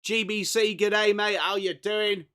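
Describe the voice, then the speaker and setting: A man's voice: sits high, flat delivery, unhurried, sharp tone, smooth. Chatty English man hosting a live footy stream. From England. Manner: chatty, greets chat by name, reads team lists. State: slightly hoarse. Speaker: watchalong host. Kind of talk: casual live stream chat.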